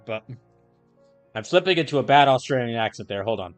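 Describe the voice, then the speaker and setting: Man, livestreamer, casual gaming chat, mid-range pitch, reads viewer comments aloud. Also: animated, a little fast, long pauses, soft background music.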